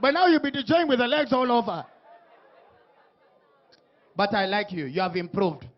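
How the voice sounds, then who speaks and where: A man hosting a comedy talk show in a strikingly high voice. He ribs his guests and throws shouted lines at the crowd. The recording sounds muffled and lo-fi. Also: sing-song, moderate pace. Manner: teasing, punchy, shouts hype lines to the crowd. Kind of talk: comic stage hosting before a live audience.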